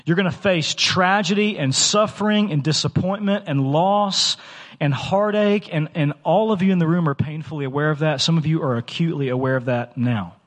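In a church sanctuary, a pastor in his thirties preaches a sermon in a fairly high voice at a moderate pace, with a long reverb tail. He sounds conversational and earnest, full of fillers and restarts.

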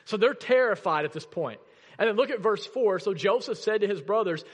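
A man's voice: high voice, fast talker, in a large hall. A male pastor preaching a sermon in a church, reading scripture aloud and asking the congregation questions in a conversational way. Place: church sanctuary.

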